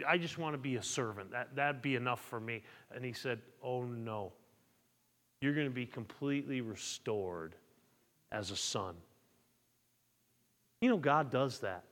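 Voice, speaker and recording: Man preaching with bright ringing tone. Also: mid-range voice. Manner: preaching with rising fervor and call-and-response questions; repeats words, stammering restarts. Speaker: pastor. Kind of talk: sermon. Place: church sanctuary. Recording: long church reverb.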